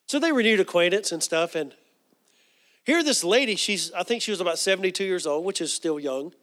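A man's voice: sits high, lively intonation, fairly quick, a bit bright. A man preaching a sermon, telling stories earnestly with frequent fillers.

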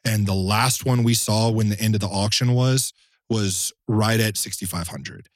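A man's voice: lowish voice, normal speed, no echo, studio quality. A man, a knife maker, telling a long story in casual podcast chat, acting out the quotes and swearing now and then.

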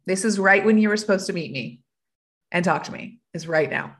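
Calm motivational woman coach. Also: medium pitch, brisk. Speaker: coach and podcast guest. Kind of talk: casual interview chat.

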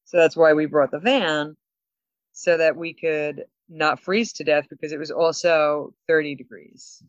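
A woman co-hosting a podcast, telling a story with lots of laughs and quick asides. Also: low-pitched, fairly even intonation, no room sound, highs cut off. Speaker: podcast co-host. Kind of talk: casual chat.

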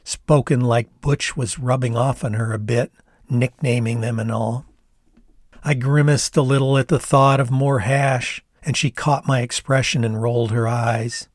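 An older man from the United States reading his memoir aloud in a measured, reflective storytelling manner. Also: medium pitch, fairly even intonation, dry recording, clean studio sound. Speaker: author and narrator. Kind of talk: memoir narration read aloud.

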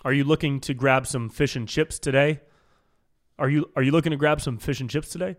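A man putting on a deliberately bad British accent as a cheery bloke offering fish and chips. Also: sits high, steady tone, voice pushed up, close to an everyday voice. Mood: jokey. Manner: exaggerated jokey fake British accent.

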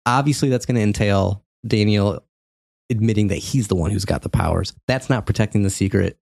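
A man in his forties casually recapping a video game for a podcast, telling the story with animated energy and frequent laughter. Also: fairly low pitch, a little fast, gravelly, no room sound, clean studio sound. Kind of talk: casual chat.

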